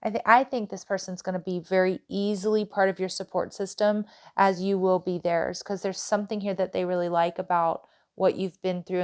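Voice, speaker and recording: A woman's voice: lowish voice, creaky. A woman doing a casual tarot reading for her viewers, chatty and direct, with plenty of "like" and "you know". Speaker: tarot reader.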